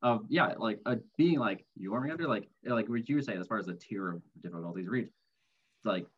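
A man's voice: fairly low pitch, fairly quick, husky, lo-fi sound. A man co-hosting a casual podcast, rambling with many fillers and restarts. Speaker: podcast co-host.

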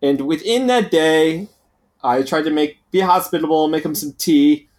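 A man's voice: a little high, normal speed. A man co-hosting a podcast, telling rambling, complaining stories in casual chat. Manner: rambling, complaining, animated storytelling. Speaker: podcast co-host.

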